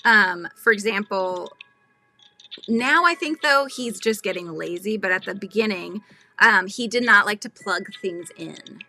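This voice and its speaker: Bright-voiced chatty woman crocheting live. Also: mid-range voice, unhurried. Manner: chatty, laughs often, talks to live chat. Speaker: crochet channel host. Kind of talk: casual livestream chat while crocheting.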